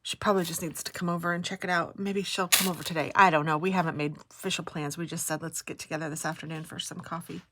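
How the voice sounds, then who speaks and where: A woman's voice: fairly low pitch, steady tone, fast talker, few pauses, background noise. A middle-aged woman vlogger telling stories in a casual, chatty way, often breaking into exclamations.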